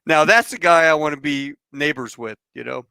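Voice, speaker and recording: Male podcast host, gravelly and bright, easygoing joker, dry close sound. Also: fairly high pitch, normal speed, dry recording. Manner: easygoing, joking, brief affirmations. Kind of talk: casual interview chat.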